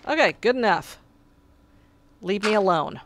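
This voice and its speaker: Her mid-range voice is expressive and measured, with slight background noise in the recording. As a gameplay commentator, she chats casually, talks back to the creatures and gets exasperated, tossing in sarcastic asides.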